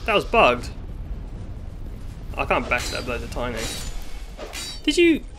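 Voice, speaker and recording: A man's voice: medium pitch, expressive, measured pace, over music. British man swearing through game commentary. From Britain. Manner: swearing, exasperated running commentary with sudden outbursts. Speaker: gaming YouTuber. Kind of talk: let's play commentary.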